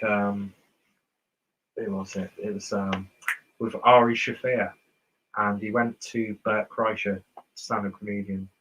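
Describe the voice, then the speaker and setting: A man with a low, husky voice and a posh southern English accent, hosting a relaxed livestream. He drifts between comments in a rambling, self-mocking way. His tone stays easygoing and chatty. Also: rough recording. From northern England. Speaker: beer reviewer streaming host. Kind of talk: casual livestream chat, reading out viewer comments.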